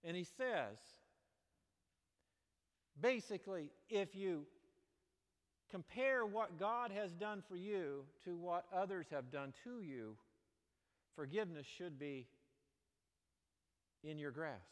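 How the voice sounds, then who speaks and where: High-voiced preacher in a reverberant hall. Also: male voice, slow, pauses often. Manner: animated preaching with sudden loud exclamations and drops to quiet. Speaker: pastor. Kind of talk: sermon. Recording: long reverb of a large hall.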